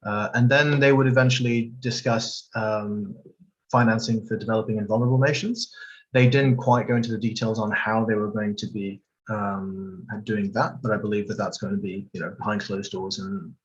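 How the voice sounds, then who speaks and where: Brief: low, monotone man panelist on a video call, halting with fillers, dull lo-fi sound with faint hiss. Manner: hesitant, full of fillers and hedges. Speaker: panelist on climate finance. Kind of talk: live online discussion.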